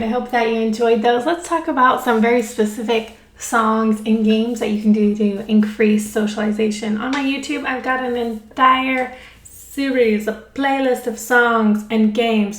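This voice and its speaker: A woman with a slightly high voice speaks brightly and encouragingly, coaching parents through everyday routines and laughing easily between points. Her voice sounds roomy, picked up from a little way off the mic. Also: far from the mic. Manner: upbeat, encouraging, laughs often. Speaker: speech therapist. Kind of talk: instructional talk to parents.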